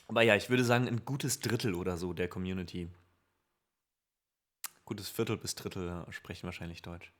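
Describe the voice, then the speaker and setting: Low-voiced German-accented man chatting. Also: steady tone, a little fast, pauses often, a bit bright. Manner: upbeat, laughs often while reading out chat. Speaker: music livestreamer. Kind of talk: casual chat with viewers.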